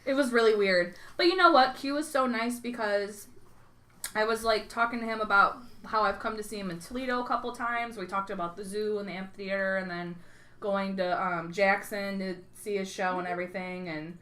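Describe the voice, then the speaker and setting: A woman's voice: mid-range voice, fairly even intonation, fairly quick, bright, forceful tone. A woman co-hosting a podcast, chatting casually and laughing at herself. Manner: chatty, self-deprecating, laughs often. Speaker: podcast co-host. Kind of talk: casual chat.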